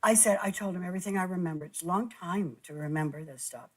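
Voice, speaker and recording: A woman telling a personal story in a halting way, stumbling and repeating words, close to tears. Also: lowish voice, low-quality recording. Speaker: guest recounting an experience.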